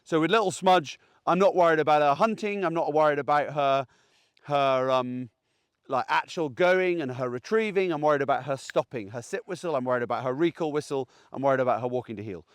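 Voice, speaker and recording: A man's voice: on the high side, fairly quick, smooth, no room sound, studio quality. Chatty man giving dog-training tips. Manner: chatty, plain-spoken, keeps checking in with "okay?". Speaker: gundog trainer. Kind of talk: casual outdoor training advice. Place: outdoors in a grass field.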